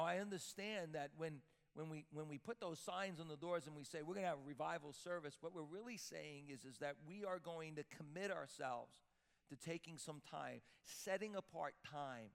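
A man's voice: fairly high pitch, creaky, a bit bright. A man preaching a sermon as pastor, emphatic, repeating words as he builds up. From Sicilian-Italian heritage. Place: church sanctuary with long reverb. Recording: reverberant church hall.

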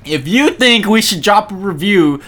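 Animated, profane male podcast co-host. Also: sits high, moderate pace. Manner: profane, laughing, animated banter. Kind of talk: casual chat.

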